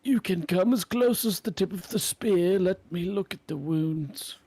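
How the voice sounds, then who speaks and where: A man's voice: high-pitched, unhurried, a little mellow, breathy edge, no room sound, pitched above the performer's own voice, full character voice. A man voicing a blunt, distrustful adventurer who speaks curtly. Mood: wary. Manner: curt, distrustful.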